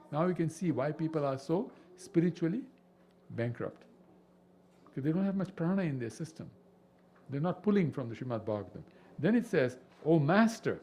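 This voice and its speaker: Lively man teaching scripture. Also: on the high side, slight background noise. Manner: animated, peppered with rhetorical questions. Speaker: spiritual teacher. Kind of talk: devotional scripture class.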